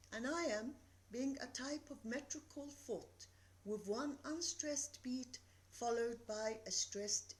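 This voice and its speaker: Woman, literature lecturer, slow measured delivery, reads verse aloud, higher voice. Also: poor audio. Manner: slow, deliberate reading of verse. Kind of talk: recorded poetry lecture.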